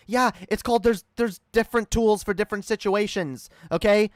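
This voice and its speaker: Smooth-voiced man ranting profanely. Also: on the high side, steady tone, moderate pace, few pauses, dry recording, clean studio sound. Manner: profane, heated, rambling with restarts. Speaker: streamer reacting to a video. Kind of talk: ranting reaction commentary.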